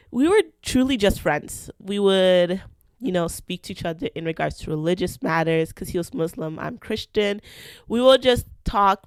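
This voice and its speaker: A young woman from Canada hosting a podcast, telling a school story in a chatty, animated way and acting out the quotes. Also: mid-range voice, dry recording. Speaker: podcast host. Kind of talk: casual storytelling.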